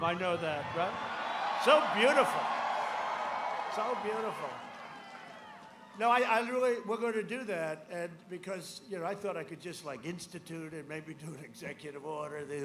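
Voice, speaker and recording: A man in his seventies giving a rambling campaign rally speech, swinging between shouted lines and muttered asides. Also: high-pitched, moderate pace. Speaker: political speaker at a rally. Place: large outdoor rally. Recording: echoey outdoor rally with crowd noise.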